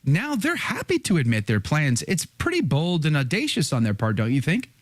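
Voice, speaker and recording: A man's voice: on the high side, huge pitch swings, moderate pace, dry recording. A man hosting a podcast, asking engaged, prompting questions. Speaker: podcast host. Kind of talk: conversational interviewing.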